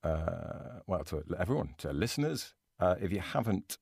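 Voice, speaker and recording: A deep-voiced man co-hosting a podcast, talking things through casually and loosely. He restarts his sentences often as he thinks aloud. The recording is dry and close. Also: very animated, normal speed, creaky, a little mellow, breathy edge, no room sound. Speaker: podcast co-host. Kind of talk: casual chat.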